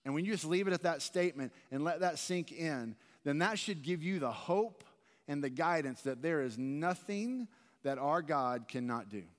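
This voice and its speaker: A man's voice: on the high side, expressive, moderate pace. A man preaching a sermon as pastor, earnest and conversational, often restarting his phrases. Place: large church sanctuary. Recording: long reverb of a church hall.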